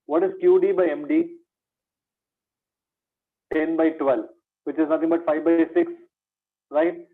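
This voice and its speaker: This maths teacher speaks unhurriedly in a fairly high voice with fairly even intonation, his Indian English accent coming through tinny, phone-like online lecture audio. Revising for exams, he answers his own questions and addresses students as "my dear".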